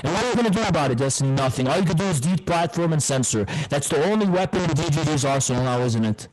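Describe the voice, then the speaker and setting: A man's voice: fairly high pitch, lively intonation, racing, darkish tone, rough recording. A man in a heated online debate, aggressive and profane, taunting his opponent over and over. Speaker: debater on a live stream.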